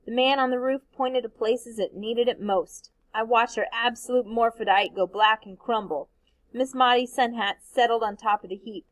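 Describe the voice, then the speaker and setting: A woman's voice: on the high side, normal speed, dry recording, poor audio. Woman reading a novel aloud. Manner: steady, expressive reading. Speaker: teacher.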